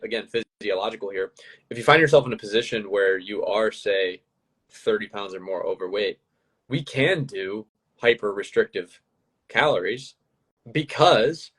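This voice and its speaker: Husky-voiced man explaining fitness. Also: medium pitch, low-quality recording. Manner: explanatory, peppered with "right?". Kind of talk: casual explanatory talk.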